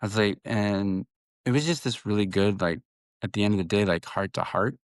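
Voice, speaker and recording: Guy in his 30s rambling thru a story on a podcast, lowish voice, dry close sound. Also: brisk, no room sound. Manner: rambling storytelling with many restarts. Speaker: podcast co-host. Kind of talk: casual chat.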